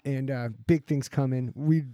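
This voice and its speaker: A man's voice: mid-range voice, fairly even intonation, moderate pace, warm tone, dry recording, highs cut off. A man in his thirties co-hosting a podcast, joking and wisecracking in casual chat. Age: 30s. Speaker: podcast co-host.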